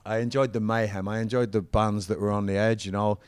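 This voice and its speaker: A former football manager turned musician, middle-aged, rambles enthusiastically through stories in a casual interview. His lowish voice is smooth, barely moves in pitch, runs a little fast, and has no echo.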